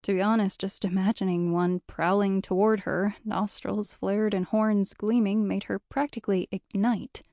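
Mellow woman narrating a story. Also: medium pitch, fairly even intonation, normal speed, few pauses, dry recording, clean studio sound. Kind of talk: scripted audiobook narration.

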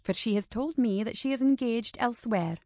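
A woman voicing a calm, good-humoured mother and hostess who speaks in a gently firm way. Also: on the high side, brisk, no echo, studio quality, close to an everyday voice.

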